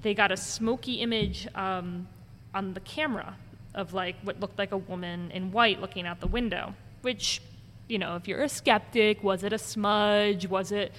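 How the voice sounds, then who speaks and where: A ghost tour guide with a mid-range voice recounts stories in a conversational interview, vividly performing the voices of the people involved. The recording shows long reverb and a faint layer of background noise.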